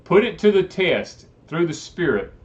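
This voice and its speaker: A man's voice: high voice, sing-song, unhurried. A man with a Southern US accent hosting a homesteading live chat, talking bluntly and emphatically like a preacher. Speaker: homesteading channel host. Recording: dull lo-fi live-stream audio.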